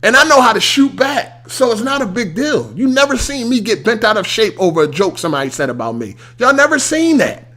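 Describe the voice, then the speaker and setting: A man's voice: high-pitched, expressive, a little fast, hardly any pauses, sharp tone. A young man hosting a podcast, ranting in a heated, casual way, swearing and repeating his points for emphasis. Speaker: podcast host.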